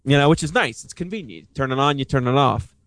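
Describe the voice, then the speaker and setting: Fast-talking guy cohosting from his basement, lots of uhs and restarts, dry close sound. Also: mid-range voice, animated, fairly bright tone, no room sound. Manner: quick, halting, full of fillers. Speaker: podcast co-host. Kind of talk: casual chat. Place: home basement.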